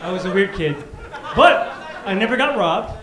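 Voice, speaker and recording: A male comedian working a club crowd with a lively, punchy delivery. His voice sits high and leaps around a lot. The sound is roomy, with clear background noise from the club. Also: normal speed. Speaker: stand-up comedian. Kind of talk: stand-up comedy set. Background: audience laughter and club ambience.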